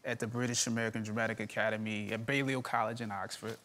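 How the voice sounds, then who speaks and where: A man telling a story as a chat show guest, relaxed and laughing easily. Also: on the low side, quick pace. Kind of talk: casual chat anecdote. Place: TV studio with audience.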